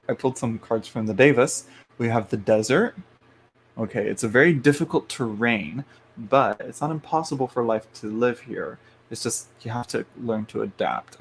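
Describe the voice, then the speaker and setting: A man's voice: mid-range voice, a little hiss or hum. A man hosting a live tarot reading stream, rambling along with lots of fillers and restarts and frequent chuckles.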